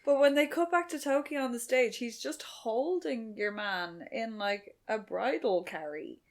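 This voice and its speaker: A woman's voice: on the high side, a little slow. A woman co-hosting a podcast, chatting casually about a cartoon episode, laughing and finishing her co-host's sentences. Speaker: podcast co-host.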